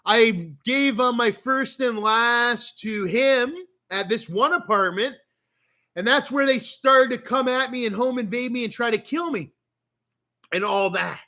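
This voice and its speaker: A man's voice: extremely high pitch, measured pace, bright, forceful tone. A man with a Canadian accent telling a long, rambling story in a casual rant, swearing often and talking with a lot of animation. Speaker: streamer.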